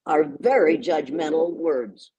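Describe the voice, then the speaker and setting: Older woman, american, husky, mellow tone, emphatic, repeats words. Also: deep voice, animated, unhurried, rough recording. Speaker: guest educator. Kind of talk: conversational interview.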